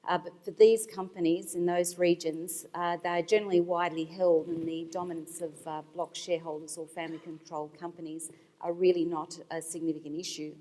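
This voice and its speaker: Woman, lowish voice, measured panel talk, conference hall with long reverb. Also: level tone, mellow. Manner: measured, explanatory, with fillers. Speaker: panelist, institutional investor. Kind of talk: panel discussion remarks.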